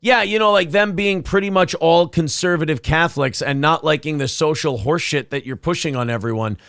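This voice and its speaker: A man hosting a casual live-stream talk show, sarcastic and crude, reading out viewer donations and pitching for support. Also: a little fast, fairly bright tone, clean tone, no echo, studio quality. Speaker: show host.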